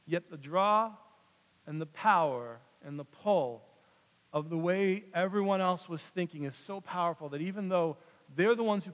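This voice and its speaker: A male pastor preaching a sermon, swinging between loud emphatic passages and hushed, slow drops. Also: high voice. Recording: long reverb of a large hall.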